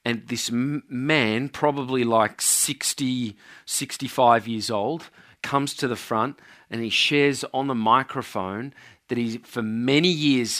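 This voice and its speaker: A man preaching a sermon, telling healing stories slowly and earnestly, with frequent hesitations. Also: medium pitch, bright, forceful tone. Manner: slow, earnest storytelling with many uh fillers. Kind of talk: sermon testimony.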